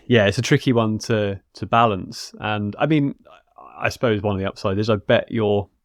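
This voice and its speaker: Uk guy hosting a chat, low voice, trips over his words a bit, dry close mic. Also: fairly even intonation, moderate pace, no room sound. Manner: hesitant, repeats words, laughs along. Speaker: podcast host. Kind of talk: casual interview chat.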